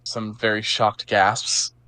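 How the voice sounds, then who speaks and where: A man's voice: on the low side, level tone, takes it slowly, pushed and bright, dry recording. A man narrating as game master of a tabletop game, loose and casual, with frequent fillers.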